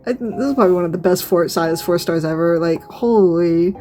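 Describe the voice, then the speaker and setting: A young woman streamer giving an excited, gushing reaction, swearing and stumbling over her words. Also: on the low side, moderate pace, faint music behind. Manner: gushing, swearing, frequent laughs.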